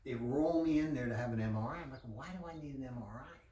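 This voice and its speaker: A man's voice: mid-range voice, fast, reverberant, distant mic, a crowd in the background. A man telling a long personal story in casual, profane talk, laughing as he goes.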